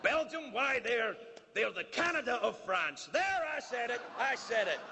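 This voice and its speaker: A Scottish comedian at a formal dinner in a large banquet hall performs a teasing, mock-indignant stand-up monologue. His very high voice is sing-song, creaky, bright and forceful at a moderate pace. Slight background noise and the hall's long reverb are audible.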